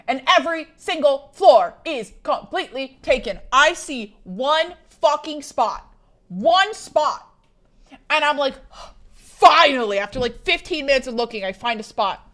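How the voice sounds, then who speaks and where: A young woman streamer talks casually to her live chat, animated and profane as she rambles through stories. Her voice sits a little high and rings bright and forceful. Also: measured pace. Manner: animated, swearing, rambling storytelling.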